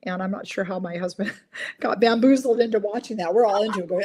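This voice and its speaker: A woman's voice: medium pitch, fast talker, background noise. An older woman hosting a casual live interview over a video call, chatty and self-deprecating, reading out viewer comments. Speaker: host.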